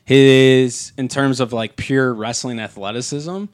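A man's voice: medium pitch, steady tone, measured pace, dry recording. A man co-hosting a podcast in casual chat, rambling with many fillers and restarts on a close mic. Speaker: podcast co-host.

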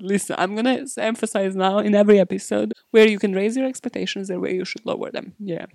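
A woman at a mid pitch hosts a comedic true-crime podcast, mixing the story with sarcastic asides and bursts of laughter. Her voice sits dry and close, with no room around it. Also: brisk, no room sound. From Serbia. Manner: sarcastic, laughing often, swearing, animated asides. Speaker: podcast host.

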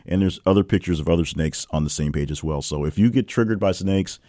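A man's voice: fast talker, dry recording, clean studio sound. A man hosting a weekly news roundup, reading headlines and quotes with wry asides in a casual way. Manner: reads headlines with wry asides and lively swings in pitch. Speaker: news show host.

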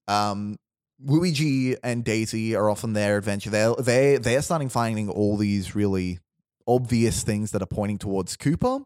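A man's voice: fairly low pitch, smooth, no room sound, studio quality. A man casually telling a long story on a podcast, rambling with restarts and laughs. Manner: rambling, restarts, laughs often, quick asides. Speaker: podcast host pitching a film idea.

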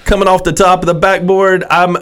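A man's voice: high-pitched, little pitch movement, a little fast, a bit bright, slight background noise. Dry, skeptical sports talk co-host, male.

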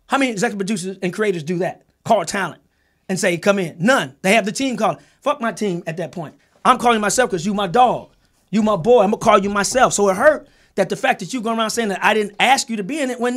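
A man's voice: sits high, quick pace, fairly bright tone. A man who created and executive-produced a documentary, telling a heated story in a group conversation. He talks emphatically, repeats and restarts words, and swears freely.

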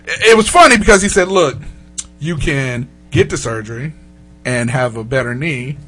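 A man telling a long story in a casual chat, animated and profane, laughing often and acting out the other people in it. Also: medium pitch, normal speed, breathy edge, faint music behind. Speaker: podcast host telling a story.

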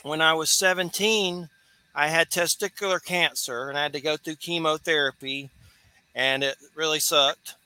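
A man's voice: fairly high pitch, fairly even intonation, normal speed, sharp tone, smooth. A man, hosting a radio talk show in a loose, rambling way with easy laughs. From Georgia, US. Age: 40s. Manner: loose and chatty, laughs easily, rambling asides.

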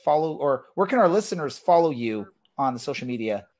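A man's voice: on the high side, lively intonation, brisk, darkish tone. A man hosting a casual soccer podcast, talking in a loose, rambling way full of fillers. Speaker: podcast host.

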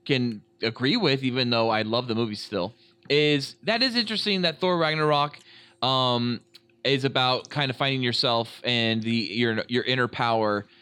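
A man's voice: mid-range voice, moderate pace, pushed and bright, smooth, dry recording. A man co-hosting a casual podcast, chatty and thinking aloud with frequent ums and uhs. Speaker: podcast co-host.

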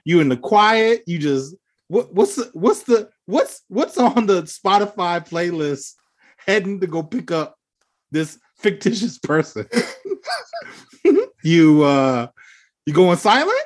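A podcast co-host chatting over a video call. The voice moves up and down a lot and sounds animated. It laughs often while setting up playful scenarios. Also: medium pitch, takes it slowly.

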